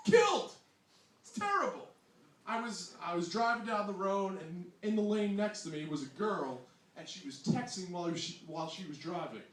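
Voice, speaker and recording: A man from New Jersey with a New Jersey accent doing a stand-up comedy set, animated and exclamatory, often mimicking other voices. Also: sits high. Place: small hall with audience. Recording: distant echoey room mic, loud noise.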